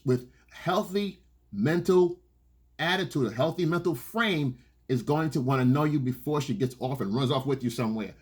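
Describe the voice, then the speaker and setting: Husky man, blunt dating coach. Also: fairly high pitch. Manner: blunt, profane, repeats points, acts out quoted lines. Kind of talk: unscripted coaching monologue.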